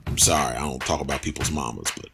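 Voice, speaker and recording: A man giving a casual, animated film review, blunt and slangy with lots of asides. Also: very deep voice, fast, gravelly, over music.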